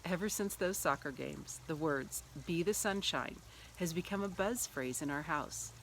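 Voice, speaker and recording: A woman's voice: low-pitched, normal speed, slight background noise. A middle-aged woman giving a church devotional through a personal story, acting out the lines she quotes. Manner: lively storyteller who acts out quoted lines.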